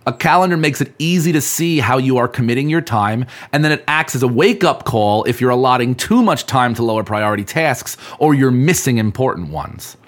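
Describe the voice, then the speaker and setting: A man hosting a podcast, talking earnestly to the listener in a coaching manner about keeping commitments. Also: mid-range voice. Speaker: podcast host. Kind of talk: motivational podcast talk.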